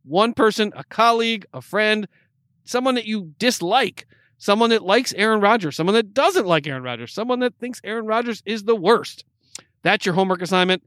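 Excitable high-voiced male podcast host. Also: dry recording, studio quality. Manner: excitable, joking, rapid listing. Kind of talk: casual sports podcast banter.

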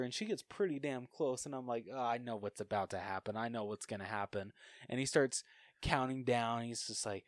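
A man's voice: mid-range voice, normal speed, dry recording, studio quality. A man co-hosting a podcast, chatting casually about a film and eagerly retelling its scenes. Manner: excited retelling of scenes, laughs often. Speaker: podcast co-host.

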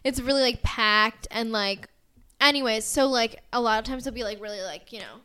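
She is a young American woman co-hosting a chatty podcast, her voice sitting a little high. She rambles along with plenty of fillers and breaks into giggles. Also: moderate pace, bright, forceful tone, clean tone. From United States. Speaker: podcast co-host. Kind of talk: casual chat.

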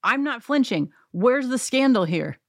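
A woman's voice: a little high, unhurried, no echo, studio quality. Sarcastic woman ranting about reality TV. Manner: sarcastic, animated rant. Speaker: podcast host. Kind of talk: opinionated reality TV recap.

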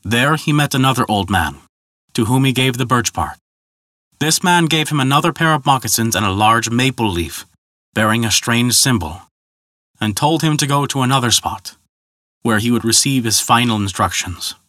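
A man narrating a folk tale in a measured, scripted storytelling style. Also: mid-range voice, lively intonation, pushed and bright, no echo, clean studio sound.

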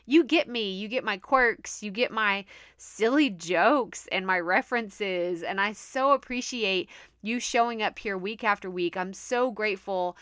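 A woman's voice: mid-range voice, measured pace, fairly bright tone, no room sound, clean studio sound. A woman with a Texan accent hosting a podcast, talking in a chatty, upbeat way with frequent laughs and lots of "like". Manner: chatty, upbeat, laughs often, says "like" a lot. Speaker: podcast host. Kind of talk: casual podcast monologue.

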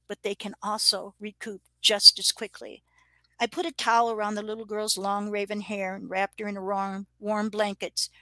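An older woman, a veteran nurse, reading her own true story aloud in a measured, dramatic storytelling manner. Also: fairly high pitch, sharp tone, no echo, low-quality recording.

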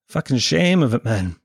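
A man's voice: medium pitch, creaky, slightly rough, no room sound, studio quality. A man telling rambling comic stories in a casual, profane, wry way, laughing as he goes.

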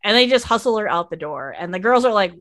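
A woman hosting a casual podcast, recapping a TV episode and acting out the characters' lines in an animated way. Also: medium pitch, fast, no echo, clean studio sound. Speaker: podcast host.

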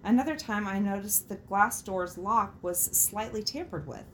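A woman's voice: medium pitch, normal speed, slight background noise. A woman hosting a casual talk show, reading out listener stories and reacting with frank swearing and laughter. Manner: expressive, swears freely, laughs at her own jokes.

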